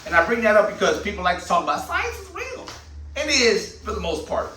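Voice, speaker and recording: High-voiced man ranting in an echoey room. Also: wildly swooping pitch, fairly quick, sharp tone, distant mic. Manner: profane, heated, rhetorical questions. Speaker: channel host. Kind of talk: ranting monologue.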